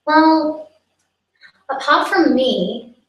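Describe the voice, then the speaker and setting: Playing a self-proclaimed celebrity, a young woman improvises a bragging comedy monologue on her live stream, peppered with "like" and feigned outrage. Her high voice draws words out with lively intonation, and the highs are cut off. Seated away from the mic, she sounds distant, with a roomy echo.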